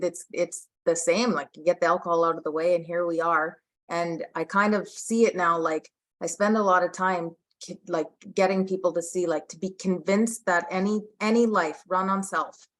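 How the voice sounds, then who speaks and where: Woman in her thirties, lower voice, rambling. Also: fairly bright tone. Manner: rambling, many restarts and "like" fillers. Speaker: podcast co-host. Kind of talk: recovery podcast discussion.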